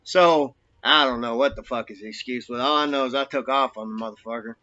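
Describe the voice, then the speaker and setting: Forceful, profane man telling a prison story. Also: mid-range voice, brisk, lo-fi sound. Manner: profane, rambling, streetwise slang. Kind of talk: casual storytelling monologue.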